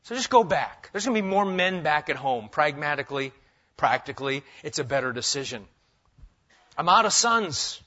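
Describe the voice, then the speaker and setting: A man's voice: fairly high pitch, lively intonation, normal speed, sharp tone, muffled recording. A man voicing a blunt, pragmatic widowed older woman, exasperated and insistent.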